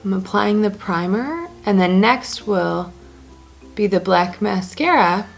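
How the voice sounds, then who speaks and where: A woman's voice: medium pitch, lively intonation, slow, creaky. Woman, casual makeup tutorial, chatty, joking asides, faint background music. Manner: chatty, self-narrating each step. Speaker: beauty blogger.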